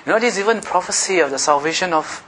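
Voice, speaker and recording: A middle-aged man preaching a sermon as pastor, swinging between loud, emphatic passages and soft, confiding asides. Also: high voice, animated, fast talker, a little hiss or hum.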